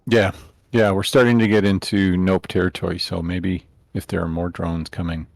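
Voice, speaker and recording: A man's voice: deep voice, little pitch movement, normal speed, creaky, dry recording. A man on voice chat during a game, making dry, teasing remarks. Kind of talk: casual chat.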